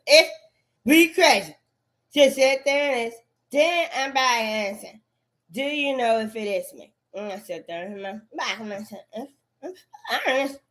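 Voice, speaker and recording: A woman's voice: fairly high pitch, fairly bright tone. A woman in a rambling, profane monologue, full of cursing and repetitive outbursts.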